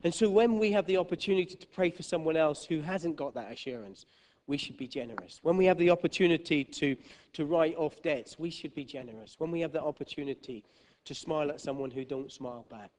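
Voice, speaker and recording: A man preaching a sermon in church, swinging from loud, high bursts to quiet, low asides. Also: a little fast, long reverb tail. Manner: animated storytelling with sudden loud high bursts and quiet drops. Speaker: pastor.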